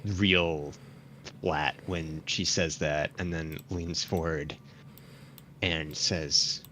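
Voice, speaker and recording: A man's voice: very deep voice, steady tone, very slow, sharp tone, slight background noise. A man playing in a tabletop game, describing his character's actions casually. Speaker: player.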